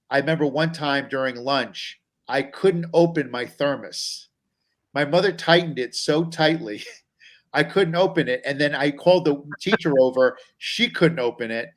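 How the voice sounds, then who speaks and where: A man, a comedian guest, telling stories about himself in a rambling, self-deprecating, anxious way. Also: fairly high pitch. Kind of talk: casual comic storytelling.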